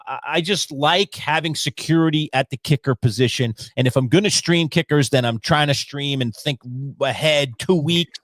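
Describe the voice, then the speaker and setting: A man co-hosting a casual fantasy football talk show, telling stories animatedly and acting out his own yelling. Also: a little high, no room sound. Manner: animated storyteller who acts out his own shouting. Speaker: podcast co-host.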